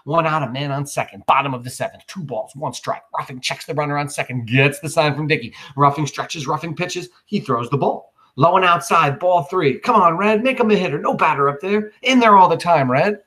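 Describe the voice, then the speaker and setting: A man voicing an excitable fourteen-year-old boy who calls his own imaginary ball game out loud. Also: fairly high pitch, fairly quick, few pauses, pitched above the performer's own voice, lightly acted. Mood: excited. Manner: loud play-by-play announcing.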